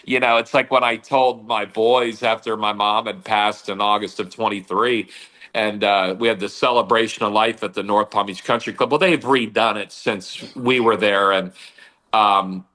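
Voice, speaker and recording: A man's voice: fairly low pitch, fairly even intonation, normal speed, bright, forceful tone. A middle-aged man, a guest, reminiscing about family in an easygoing casual chat.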